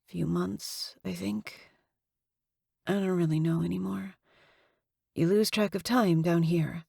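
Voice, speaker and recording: A woman voicing a weak, exhausted captive woman whose voice is dry and rough, in an audiobook. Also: lowish voice, steady tone, takes it slowly, warm tone, dry recording, full character voice. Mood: weary resigned. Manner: exhausted, resigned. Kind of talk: audiobook dialogue.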